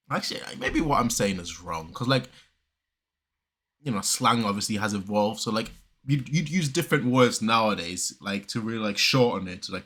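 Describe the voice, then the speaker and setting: A man from southern Germany giving casual reaction commentary, talking fast and rambling with many restarts and pauses. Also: lowish voice, fairly bright tone. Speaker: reaction video creator.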